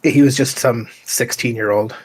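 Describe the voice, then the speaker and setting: A middle-aged man telling stories in a casual chat, acting out heated exchanges with lively quoted voices. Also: mid-range voice, normal speed. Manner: animated storyteller, acts out heated quotes. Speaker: podcast co-host.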